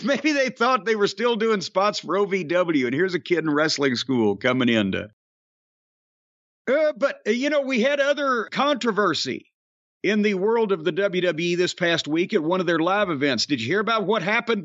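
Male podcast host, high voice, dry close sound, swears freely while he tells a story, slightly dull audio. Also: animated, normal speed, fairly bright tone, no echo. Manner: profane, laughing storyteller. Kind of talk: casual podcast chat.

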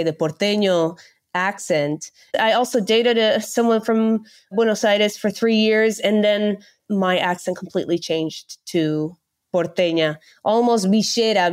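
A young woman from the Netherlands, chatting as a podcast guest in an animated, laughing storytelling way. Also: medium pitch. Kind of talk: casual interview chat.

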